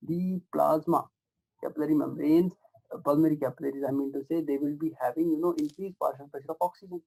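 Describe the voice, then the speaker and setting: Gravelly, mellow-voiced male lecturer. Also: a little high, low-quality recording. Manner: repetitive questioning, addresses students warmly as "my dears" and "guys"; frequent fillers and self-corrections. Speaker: pathology teacher. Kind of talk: live online lecture.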